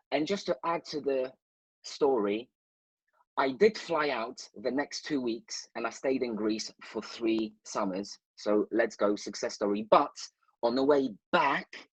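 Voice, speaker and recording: A man's voice: medium pitch, breathy edge, dry recording, low-quality recording. A man, a guest, telling a rambling and playful anecdote, talking straight to the listeners. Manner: rambling, playful storyteller who addresses listeners directly.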